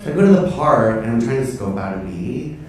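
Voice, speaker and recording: A man's voice: mid-range voice, lively intonation, fairly quick, a little mellow, distant mic, a little hiss or hum. A man doing a stand-up set on a comedy club stage, brash, profane and camp, teasing the crowd. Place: comedy club stage before a live audience. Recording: echoey club, mic from afar, audience laughter.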